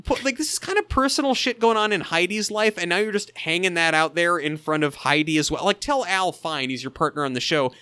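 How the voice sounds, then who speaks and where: A man co-hosting a casual podcast, recapping a TV episode in an animated, wry and critical way with quick asides. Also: sits high, clear, resonant tone, dry recording. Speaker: podcast co-host.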